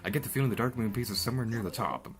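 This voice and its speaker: A man's voice: medium pitch, racing, natural voice. A man voicing an elderly male inventor, reading game dialogue aloud in a chatty way. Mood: instructive.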